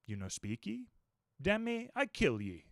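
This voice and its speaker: A fierce harpooneer growls in low, halting broken English, as a male audiobook reader puts him on. His voice is gruff and menacing, and it is recorded dry and close. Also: wildly swooping pitch, a bit bright, no room sound, exaggerated voice.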